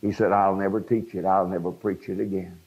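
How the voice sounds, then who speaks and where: A man's voice: low-pitched, little pitch movement, fairly quick, gravelly, breathy edge. An older man, preaching his own testimony to a congregation and speaking to the listeners directly. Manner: preaching storyteller, addresses the crowd directly. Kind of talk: sermon testimony. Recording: dull lo-fi sound.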